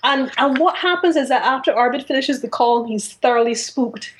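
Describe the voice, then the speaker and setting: A woman with a fairly high voice co-hosts a casual book podcast. She retells stories in an animated way, stumbling through fillers and restarts as she goes. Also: moderate pace. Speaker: podcast co-host.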